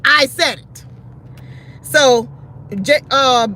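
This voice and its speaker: A woman's voice: high-pitched, fairly even intonation, very slow, bright, forceful tone, slight background noise. A woman hosting her own channel, giving blunt, sassy commentary and scolding other creators directly. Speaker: YouTube channel host.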